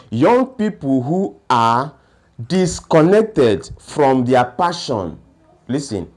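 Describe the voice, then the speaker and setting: Slow, deliberate man lecturing. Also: medium pitch. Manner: slow and deliberate, asks rhetorical questions then answers them. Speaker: education speaker. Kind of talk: lecture-style talk.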